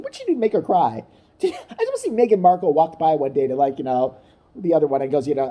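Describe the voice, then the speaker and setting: A woman with a low, dark voice and big pitch swings delivers a crude, profane comedic rant, mocking people and acting out their voices. She speaks a little fast.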